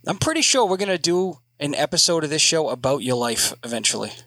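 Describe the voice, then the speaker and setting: A man hosting a casual podcast, joking and swearing as he rambles through announcements. His voice is bright and a little high for a man. The sound is dry and close. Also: lively intonation, fast, dry recording. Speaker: podcast host.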